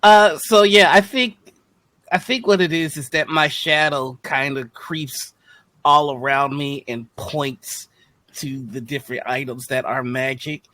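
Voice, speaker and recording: A man's voice: on the high side, fairly even intonation, measured pace, bright, forceful tone. Hesitant man player thinking aloud. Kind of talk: casual tabletop game chat.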